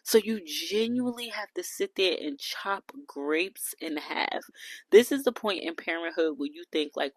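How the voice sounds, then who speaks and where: A woman's voice: lowish voice, expressive, a little slow, dry recording. A woman, chatting through a cooking vlog, blunt and talking straight to viewers. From New York City. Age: 30s. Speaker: food vlogger. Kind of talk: casual cooking vlog voice-over.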